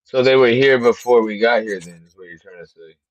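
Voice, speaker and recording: A man trades teasing jokes with friends in relaxed chat. His voice sounds dry and close to the mic. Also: mid-range voice, fairly quick, no room sound, poor audio. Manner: joking, teasing banter. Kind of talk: casual chat.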